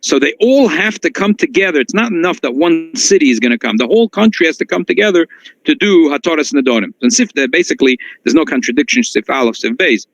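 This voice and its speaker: A man's voice: fast, no room sound. A man teaching a halacha class as a rabbi. He reads source texts aloud, explains them, and restarts his sentences often. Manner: animated, jumps high in pitch for emphasis, frequent restarts. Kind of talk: text-based Torah lesson, reading and explaining. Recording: dull lo-fi dry recording.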